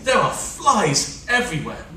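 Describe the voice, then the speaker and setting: A man's voice: high voice, huge pitch swings, a little slow, far from the mic, a crowd in the background, heavily acted. An actor playing a harried middle-aged official and overworked family man, pleading and complaining melodramatically in a stage rehearsal, recorded from afar in an echoey room. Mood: weary complaint.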